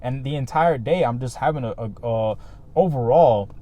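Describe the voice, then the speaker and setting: A man's voice: mid-range voice, normal speed, dark tone. Earnest rambling man vlogging. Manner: rambling, earnest, heavy with fillers and "right?". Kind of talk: casual reflective talk to camera.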